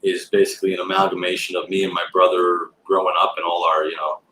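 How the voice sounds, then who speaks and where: A man guest at a comic shop signing, telling stories in a relaxed, rambling way with fillers. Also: low-pitched, quick pace. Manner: relaxed storytelling with filler words and restarts. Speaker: actor and guest. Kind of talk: casual interview chat. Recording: roomy, with faint background noise.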